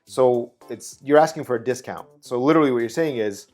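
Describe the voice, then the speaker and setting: A man hosting a casual language lesson, relaxed and chatty, explaining things slowly. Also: medium pitch, soft background music. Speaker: travel video host.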